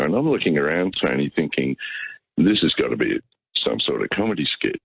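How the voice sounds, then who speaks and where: Very deep gravelly Australian man on a call. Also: sing-song, a little fast, no echo. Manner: rambling storyteller, frequent restarts. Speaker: caller. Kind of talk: phone-in chat. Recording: muffled phone line.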